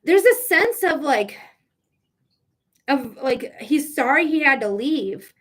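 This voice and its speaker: A woman with a high, bright-pitched voice gives a live-streamed psychic reading. She chats loosely, filling her speech with "like" and laughing easily. She is open with her feelings as she talks. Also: very animated, slow. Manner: chatty, heavy use of "like", emotional and laughing. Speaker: psychic reader.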